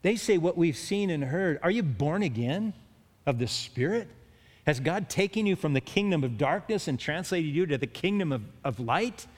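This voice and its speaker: A man's voice: on the high side, lively intonation, moderate pace. A man preaching a sermon in an earnest way, with stumbling restarts and emphatic rises on key words. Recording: long hall reverb.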